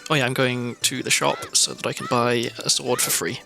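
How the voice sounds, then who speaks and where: A man's voice: medium pitch, little pitch movement, normal speed, gravelly, sharp tone. A young man from South Wales with a mild Welsh accent, chatting in a meandering, self-deprecating way while streaming a game. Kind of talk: casual gameplay commentary.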